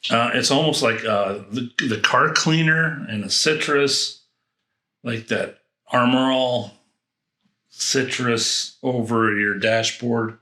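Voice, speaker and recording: A man's voice: medium pitch, slow, bright, forceful tone, echoey room. A man reviewing fragrances in a casual unboxing, rambling and thinking aloud with frequent restarts.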